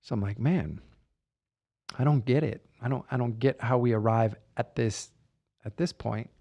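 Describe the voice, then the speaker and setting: A man with a gravelly, creaky voice at an average pitch tells a candid personal story. He speaks reflectively, repeating phrases for emphasis and filling pauses with "you know" and "like.". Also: muffled recording. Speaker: guest sharing personal story.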